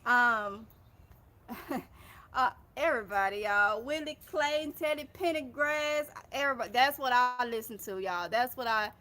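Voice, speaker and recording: A woman's voice: fairly high pitch, unhurried, sharp tone. A woman in her thirties with a Mississippi Southern accent, chatting casually on a gardening livestream and reading viewer comments aloud, effusive and calling her viewers y'all. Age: 30s.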